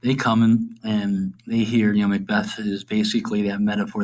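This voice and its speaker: A man's voice: lowish voice, flat delivery, moderate pace, a little mellow, rough recording. A man teaching, summarizing a play for students in a casual, rambling way, full of fillers and asides.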